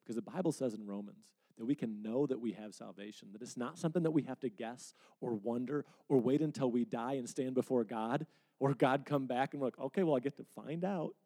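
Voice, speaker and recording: A man's voice: mid-range voice, a little fast, mellow. A man preaching and answering questions in a conversational, earnest way, sometimes acting out quotes. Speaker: pastor. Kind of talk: sermon Q&A.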